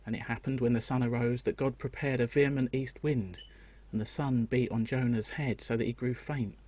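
A man reading a passage of scripture aloud in a steady, measured way. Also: medium pitch. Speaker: scripture reader.

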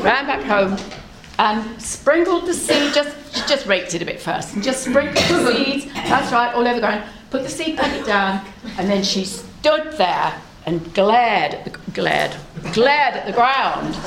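A woman minister telling a story to a live gathering, playful and animated, often laughing and inviting the audience to join in. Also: mid-range voice, measured pace. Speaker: minister and theme speaker. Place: meeting hall with an audience. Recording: echoey hall with audible room noise.

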